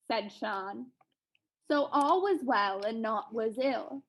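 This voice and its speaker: Woman librarian, storybook read-aloud, expressive, high voice. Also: measured pace, low-quality recording.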